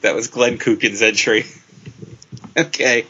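A man hosting a casual podcast, reading out listener entries in a deadpan way and laughing often. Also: medium pitch, unhurried, breathy edge. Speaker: podcast host. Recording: dull lo-fi sound.

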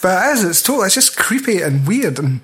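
Husky young man. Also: high voice, big pitch swings, fast talker, a bit bright. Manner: blunt, crude, laughing. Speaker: podcast co-host. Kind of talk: casual film review chat.

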